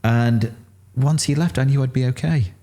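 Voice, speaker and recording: A middle-aged man with a Yorkshire accent, telling his story candidly in an interview and acting out what others said. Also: moderate pace. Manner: animated, acts out quotes with rising pitch. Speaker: interview guest.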